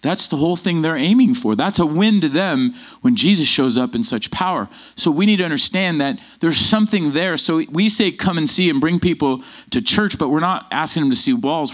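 A man preaches a Sunday sermon in a slightly raised pitch. He speaks with lively energy and calls on the congregation to answer him. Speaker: pastor. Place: church sanctuary with congregation.

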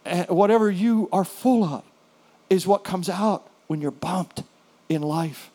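A middle-aged male pastor preaching, his voice sitting a little higher than most men's. He tells stories in an animated way, dropping to hushed, soft lines and then rising into loud, emphatic bursts. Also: measured pace. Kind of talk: sermon.

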